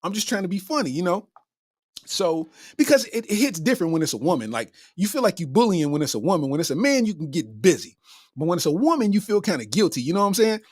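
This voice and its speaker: A man's voice: high-pitched, fast talker, husky, no echo. Guy telling a funny story, voice jumping all over, dry close mic. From Kentucky. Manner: animated, acts out his own reactions. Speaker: comedian host. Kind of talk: casual storytelling.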